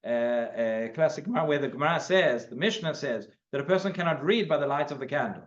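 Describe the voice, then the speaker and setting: A man as a rabbi teaching a class in a synagogue, explaining in an animated way and restarting his sentences often. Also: on the high side, fast. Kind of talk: Talmud class, explaining and debating. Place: synagogue hall. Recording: lo-fi recording.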